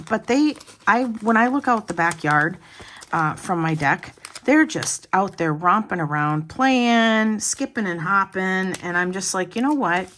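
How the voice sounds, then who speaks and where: In a home vlog, a planner vlogger chats casually with her viewers, rambling, restarting sentences and drifting into asides. Her voice is slightly low-pitched with a fairly bright tone, and there's a little hiss or hum.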